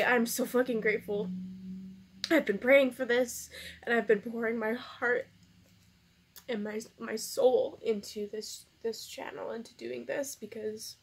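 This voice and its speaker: A woman's voice: on the high side, fairly even intonation, measured pace, pauses often, slight background noise. A woman tarot reader in a casual vlog, emotional and teary, sighing and laughing as she rambles gratefully. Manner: soft, rambling, many fillers. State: tearful.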